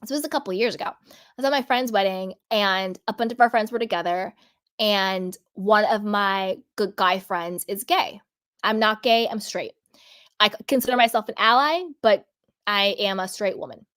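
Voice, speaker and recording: Her voice sits at medium pitch with a fairly bright tone and a normal pace. Hosting a reality TV commentary vlog, this woman shares candid personal stories, drawing out key words for emphasis.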